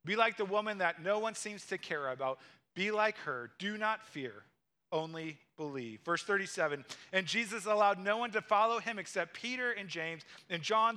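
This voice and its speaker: A young man delivers a sermon in an easygoing, conversational manner, voicing the quoted lines as he goes. His voice sits high for a man and has a bright, forward ring. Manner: conversational preaching with acted-out quotes. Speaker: pastor.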